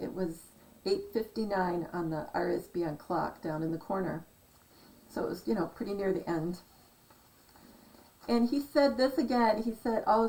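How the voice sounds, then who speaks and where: A woman talking in a chatty, excitable monologue, often trailing off with fillers as she explains her number decoding. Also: mid-range voice, far from the mic, low-quality recording. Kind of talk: casual rambling monologue.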